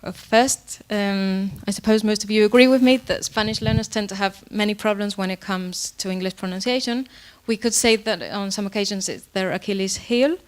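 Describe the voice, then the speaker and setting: A woman lecturer presents to an audience in a clear, smooth voice. She explains at an even pitch, often pausing on fillers and correcting herself mid-sentence. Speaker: university lecturer. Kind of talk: academic presentation.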